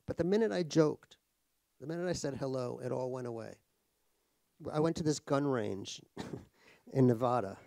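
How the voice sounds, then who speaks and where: A man's voice: medium pitch, normal speed, vocal fry, pauses often, warm tone, dry recording. An American man, an author guest on stage, telling stories with wry, profane, self-mocking humor. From United States. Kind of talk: anecdotal storytelling on stage. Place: cultural center stage conversation.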